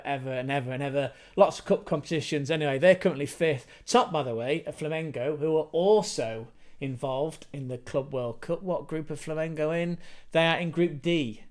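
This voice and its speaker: A man's voice: a little high, darkish tone. A man from England chatting casually to camera about football, swearing freely and wandering into rambling asides. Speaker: football vlogger.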